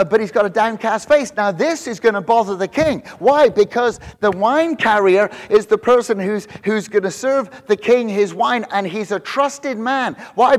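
Middle aged pastor guy preaching, high voice, acts out the lines, lots of restarts, echoey church hall. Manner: animated storytelling, acts out quotes, frequent restarts. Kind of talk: sermon. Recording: long hall reverb.

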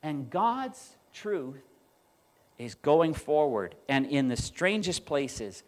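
Animated preacher man with a high voice. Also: takes it slowly. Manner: animated storytelling, quoting others with emphasis. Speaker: pastor. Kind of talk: sermon.

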